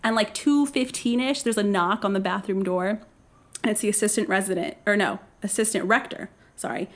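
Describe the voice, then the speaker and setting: A young woman telling a story in casual podcast chat, acting out quotes in an animated way and laughing often. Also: mid-range voice, a little fast.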